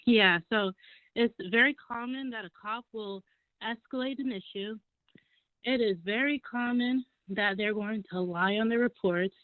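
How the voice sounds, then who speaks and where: A woman's voice: fairly high pitch, a little slow, no room sound. Woman in her twenties on a tinny phone line. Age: 20s. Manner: earnest, explanatory. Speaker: caller. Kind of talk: phone-in commentary.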